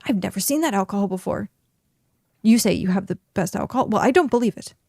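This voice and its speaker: A woman's voice: medium pitch, expressive, fast, gravelly, mellow, breathy edge, dry recording, clean studio sound. A woman voicing a boastful male bandit leader who puffs himself up and is touchy about his reputation. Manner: blustering, puffed-up.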